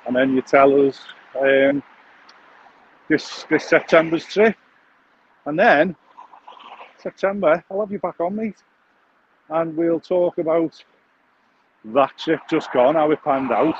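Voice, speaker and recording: A man, hosting a podcast in a crude, jokey, rambling monologue full of swearing and restarts while walking outdoors on a phone mic. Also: a little high. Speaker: podcast host. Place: outdoors, walking along a street. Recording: dull lo-fi sound with faint outdoor noise.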